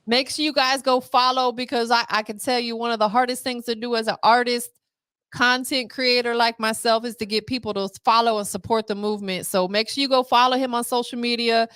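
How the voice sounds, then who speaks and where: A woman's voice: a little high, fairly even intonation, fairly quick, fairly bright tone, clear, resonant tone, no echo, clean studio sound. A woman hosting a live podcast in a casual, hyped-up, promotional way. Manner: hype, upbeat, promotional. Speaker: podcast host.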